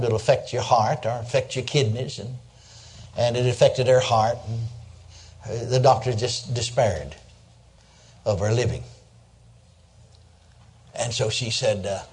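A man's voice: mid-range voice, a little mellow. An older man preaching a sermon, telling stories in a folksy way and chuckling as he goes. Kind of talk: sermon with storytelling.

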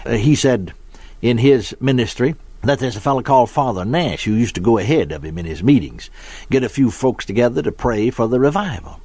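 A man's voice: medium pitch, expressive, fairly quick, mellow, breathy edge, no room sound. A middle-aged man preaching a sermon as a pastor, telling homely stories in a folksy way. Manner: folksy storytelling preacher, acts out quoted voices.

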